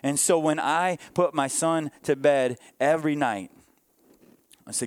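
A man pastor preaching a sermon with earnest emphasis, moving between raised passages and hushed ones, with conversational asides to the congregation. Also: a little high, a little slow, dry recording.

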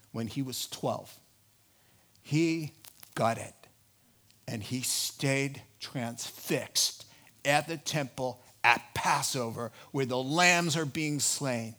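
A male preacher giving a sermon, telling stories lively and with animated asides. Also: a little high.

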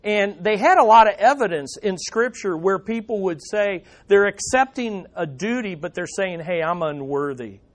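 A man preaching a sermon at a church service, animated, putting rhetorical questions to the congregation. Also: high voice, moderate pace, hardly any pauses. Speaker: pastor.

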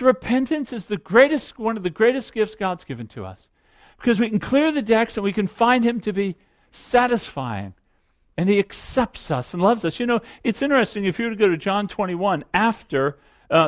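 A middle-aged man preaches with a fairly high voice. He speaks earnestly and reflectively, pausing and repeating phrases to drive a point home. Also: very animated. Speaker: pastor. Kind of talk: sermon.

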